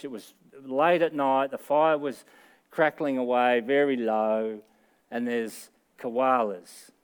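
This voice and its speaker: A middle-aged Australian man delivers a sermon from the pulpit. He talks in a casual, conversational way, then lifts into earnest, emphatic peaks on his key points. His voice sits at an ordinary pitch for a man. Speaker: pastor.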